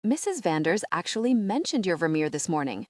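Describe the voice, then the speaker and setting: A woman voicing a calm, measured young woman. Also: lowish voice, dry recording, clean studio sound.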